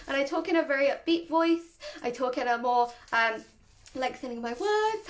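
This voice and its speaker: A woman's voice: high voice, lively intonation, a little fast. A woman, a dog trainer, giving a chatty, casual lesson and often laughing. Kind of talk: casual instructional talk.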